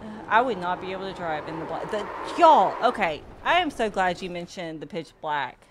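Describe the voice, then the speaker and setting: Talking a little fast with lively intonation in a fairly low voice, this young woman from Mississippi in the US South chats casually with viewers while streaming sim racing, often laughing and occasionally cursing. She uses a desktop USB microphone at her home sim racing rig, and the background is noisy.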